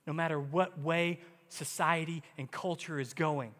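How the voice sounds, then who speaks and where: A man's voice: on the high side, fairly even intonation, moderate pace, few pauses, a bit bright. A man preaching a sermon as pastor, emphatic and acting out quoted prayers in his delivery. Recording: long hall reverb.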